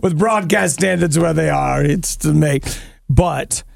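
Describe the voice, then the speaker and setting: A man co-hosting a casual radio chat show, teasing his co-host with dry, deadpan humor. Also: fairly high pitch, measured pace, vocal fry, dry recording.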